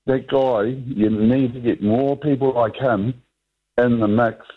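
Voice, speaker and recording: A man's voice: mid-range voice, steady tone, a little slow, breathy edge. A man calling in to a talkback radio show, rambling and hesitant, with lots of ums and restarts. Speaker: radio caller. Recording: phone line.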